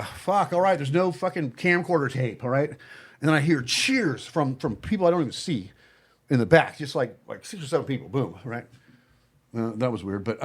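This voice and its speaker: A man telling a personal story to friends in casual talk, blunt and profane, halting often with fillers and restarts. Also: mid-range voice. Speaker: podcast guest telling his story.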